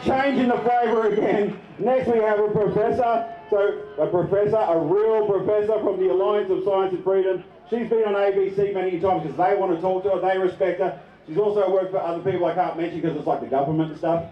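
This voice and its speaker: A man's voice: high-pitched, fairly even intonation, brisk, roomy sound. A man emceeing a rally in a loose, joking way, hyping the crowd and introducing the next speaker. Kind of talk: casual crowd hosting. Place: outdoor rally. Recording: lo-fi outdoor sound, loud crowd.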